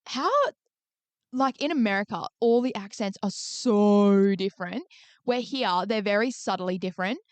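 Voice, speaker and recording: A woman's voice: medium pitch, measured pace, a little mellow, no echo. A young Australian woman co-hosting a podcast, rambling and swearing casually as she chats with her friend. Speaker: podcast co-host. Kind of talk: casual chat.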